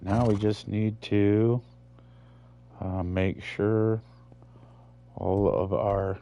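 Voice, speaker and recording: Low, slow-talking, foul-mouthed man gaming. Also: creaky, dark tone. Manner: profane, rambling, laid-back. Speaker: gaming channel host. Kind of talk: casual gameplay commentary.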